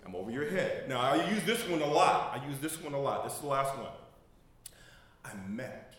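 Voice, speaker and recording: A joking preacher in an echoing church. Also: male voice, medium pitch, expressive, fast talker, fairly bright tone. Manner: conversational preaching, asks the congregation to fill in words; joking and laughing. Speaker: pastor. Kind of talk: sermon. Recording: very echoey room. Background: congregation responding.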